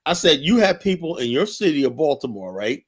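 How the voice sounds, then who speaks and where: This man hosts a heated talk show and argues in a loud, animated way. He repeats himself often and swears freely. His voice sits higher than most men's. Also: brisk, husky. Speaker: host. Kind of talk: heated casual debate talk.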